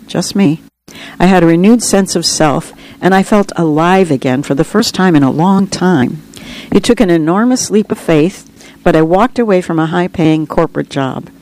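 A narrator reading a personal memoir aloud in an earnest, reflective, steady way. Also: medium pitch, slight background noise, low-quality recording.

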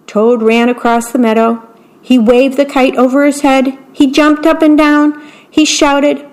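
A woman reads a children's bedtime story aloud as a volunteer radio reader. Her voice sits fairly high and her pace is slow and unhurried. The reading is clear and gentle. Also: little pitch movement.

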